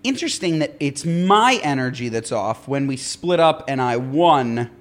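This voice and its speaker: Dry, slightly raspy man. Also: medium pitch, animated, unhurried. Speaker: podcast guest. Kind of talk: casual chat.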